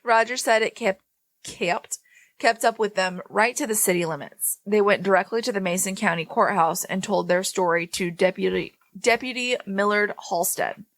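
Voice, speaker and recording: A woman with a middle-pitched voice reads a paranormal story on a podcast. She is recorded close on a dry mic, and she keeps the telling casual, with laughs and asides between the lines. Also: moderate pace, no echo. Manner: reads the story aloud, breaking off to laugh and joke. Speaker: podcast co-host.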